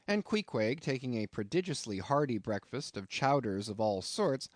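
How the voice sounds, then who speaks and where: Expressive male audiobook narrator. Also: no room sound, clean studio sound. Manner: expressive reading with wide pitch swings. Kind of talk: scripted narration of a classic novel.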